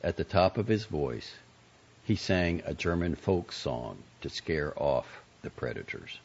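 A man giving a scripted narration of a story and a magazine essay, in a measured, expressive reading. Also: extremely low pitch, vocal fry, breathy edge. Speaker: reader of magazine pieces. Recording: dull lo-fi recording.

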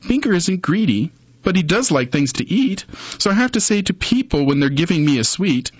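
A man reading children's stories and poems aloud in an expressive, sing-song way. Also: sits high, moderate pace, slightly rough, dry recording. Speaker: storyteller. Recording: dull muffled recording.

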